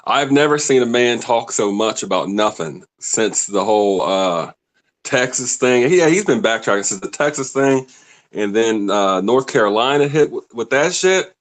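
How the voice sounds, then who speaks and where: A man in an easygoing chat, speaking at an ordinary middle pitch. He is relaxed and loose, swears a lot and laughs easily between his remarks. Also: moderate pace. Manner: laid-back, swears freely, laughs often. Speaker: podcast co-host. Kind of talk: casual chat.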